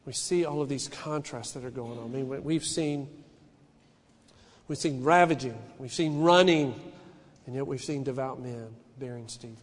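A man's voice: mid-range voice, normal speed, in a large hall. A middle-aged man, a pastor, preaching a sermon in an earnest, personal way, often restarting his sentences and rising in emphasis.

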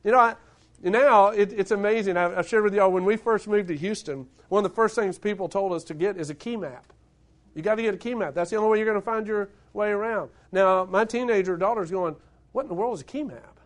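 A man's voice: high voice, fairly quick. A middle-aged man, preaching a sermon to his congregation, building up to emphatic points and putting questions to them. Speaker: pastor.

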